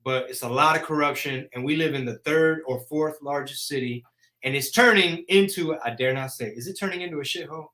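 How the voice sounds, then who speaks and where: Guy in his 40s ranting on a live show, bright punchy voice, kinda high. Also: fairly quick. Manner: brash, joking rant. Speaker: host. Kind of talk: casual live chat.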